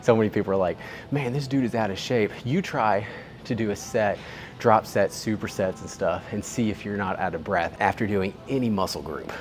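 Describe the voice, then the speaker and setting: A young man with a low voice narrates his arm workout in a gym. He talks casually and explains each exercise, padding his sentences with fillers. He is a little out of breath from training. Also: normal speed, a little hiss or hum. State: out of breath between sets. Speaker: fitness vlogger.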